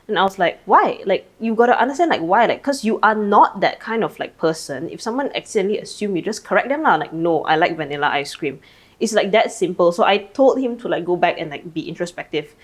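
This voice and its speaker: A woman's voice: fairly low pitch, lively intonation, fast talker. A young adult woman with a Malaysian English accent, co-hosting a casual podcast and telling stories animatedly, swearing freely and ending phrases with "lah". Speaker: podcast co-host. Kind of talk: casual chat.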